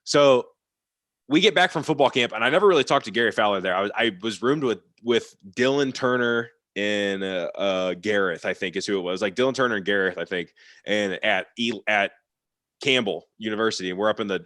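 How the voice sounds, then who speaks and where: A man's voice: fairly low pitch, fairly bright tone, no room sound, studio quality. A young man telling stories as a podcast guest in casual chat, heavy on "like" and swearing. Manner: rapid, filler-heavy with frequent "like" and swearing. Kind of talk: casual storytelling.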